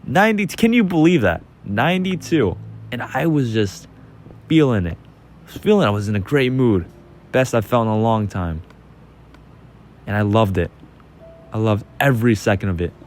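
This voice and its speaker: A young man telling a casual personal story over gameplay, excitable and rambling, often repeating his phrases. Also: on the low side, normal speed, long pauses, a little hiss or hum. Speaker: channel host.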